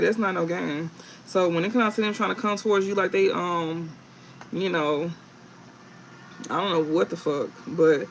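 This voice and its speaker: A man's voice: sits high, vocal fry, slight background noise, low-quality recording. A man giving a live tarot reading, blunt and profane, laughing often and repeating points for emphasis. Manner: emphatic repetition. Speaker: tarot reader.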